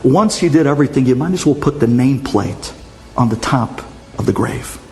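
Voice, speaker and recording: A man's voice: mid-range voice, lively intonation, normal speed, warm tone, close to an everyday voice. A man voicing a blunt, laid-back male tractor driver who talks matter-of-factly. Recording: long hall reverb.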